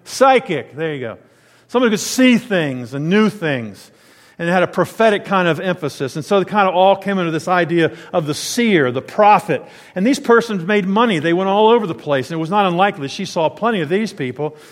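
A man preaching a sermon in a conversational, animated way, sometimes stopping to search for words. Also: sits high, fairly quick. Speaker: pastor. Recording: long reverb of a large hall.

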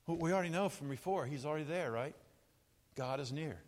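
An older man preaching a sermon in an animated, jokey way, often laughing and acting out quotes. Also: on the high side, fairly quick, in a large hall. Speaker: pastor.

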